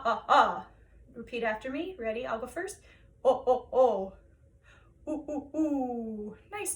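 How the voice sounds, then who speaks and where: A woman choir director guiding singers through breathing and vocal warm-up exercises, encouraging them step by step. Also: high voice, far from the mic.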